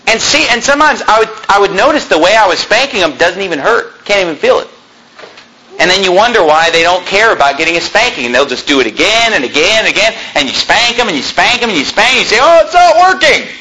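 A middle-aged man preaching a sermon as pastor, emphatic, with quick asides to the congregation. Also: high-pitched, lively intonation, sharp tone, slightly rough, rough recording.

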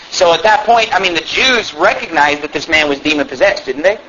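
A male pastor delivers a sermon in a high, bright voice, fairly quick and expressive with hardly any pauses. He hammers each point emphatically, repeats it, and fires rhetorical questions at the congregation. The recording is dull, with a faint hiss beneath.

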